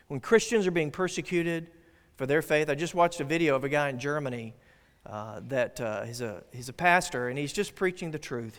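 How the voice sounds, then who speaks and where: A man preaching a Sunday sermon as pastor, rising to emphatic peaks and dropping low at phrase ends, with fillers and throat clearing. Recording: long hall reverb.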